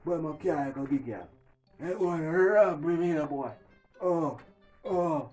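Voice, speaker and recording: Jamaican man in a comedy sketch, high voice, dark mellow tone, brash street talk. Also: a little slow, faint music behind. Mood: boasting. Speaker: sketch character.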